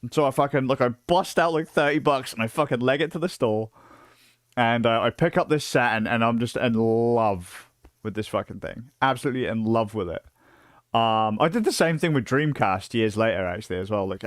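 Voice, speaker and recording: A British man in his late thirties rambles through a livestream with swearing, fillers and restarts, excitable as he tells stories. His voice sits at an ordinary middle pitch. The sound is close and dry, with no room around it. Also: moderate pace, no room sound. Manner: profane, excitable storytelling with many fillers. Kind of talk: casual rambling stream chat.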